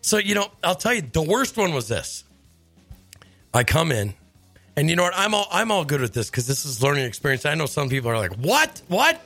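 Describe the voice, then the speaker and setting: A man hosting a radio show, telling stories in a lively casual chat and laughing often. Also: a little high, fairly quick, faint music behind. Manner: animated storyteller, laughs often. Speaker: radio host.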